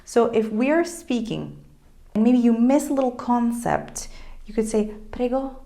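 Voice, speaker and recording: A woman speaking straight to camera in a friendly language lesson. She explains each phrase clearly and at an even pace, then says the example with bright, expressive intonation. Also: a little high, a little slow. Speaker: Italian language teacher.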